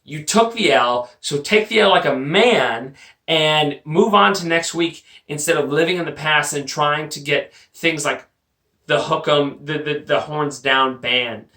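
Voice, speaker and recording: A Texas sports podcaster with a highish, bright, forceful voice speaks a little slowly while tearing into people with blunt, profane mockery. It's an opinionated rant captured on a roomy, distant home mic.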